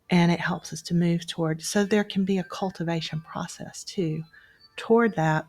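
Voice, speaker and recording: A woman podcast co-host and meditation guide who speaks in a calm, reflective and soft-spoken way. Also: on the low side, normal speed. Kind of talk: reflective conversation.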